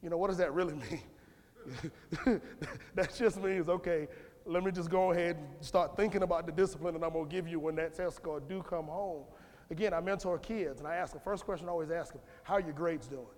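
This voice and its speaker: A man's voice: a little high, fairly even intonation, fairly quick, darkish tone. A man giving an informal, conversational sermon in church, rambling with restarts and calling on the congregation. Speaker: lay speaker giving a church message. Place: church sanctuary. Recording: long church hall reverb.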